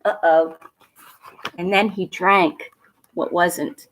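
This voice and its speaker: A woman from a school reading a picture book aloud to children at home, gentle and expressive, a little nervous, chatting to the kids between pages. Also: on the low side, slow pace. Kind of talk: storybook read-aloud for children.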